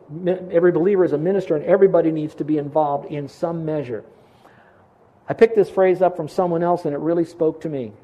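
Mellow-voiced man preaching a sermon. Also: fairly high pitch, dull audio. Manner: earnest, direct preaching with rhetorical questions. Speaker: pastor.

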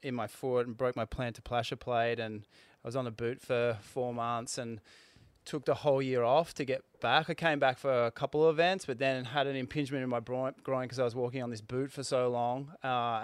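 A man in his forties tells a story in a casual interview, halting and restarting as he goes. His voice is smooth and clear, at a middle pitch. The recording is close and dry. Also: little pitch movement, dry recording. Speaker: guest, former pro surfer.

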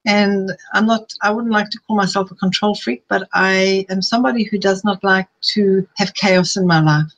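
A woman's voice: medium pitch, steady tone, dull audio. Chatty middle-aged woman presenting a webinar. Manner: chatty, personal, builds rapid lists. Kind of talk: live webinar talk. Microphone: streaming live.

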